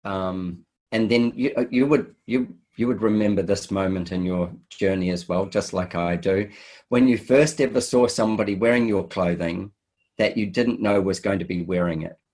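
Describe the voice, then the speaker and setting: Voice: sits low, normal speed, a little mellow. An interview host asking a designer about her career, prompting with enthusiastic asides. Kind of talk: casual interview.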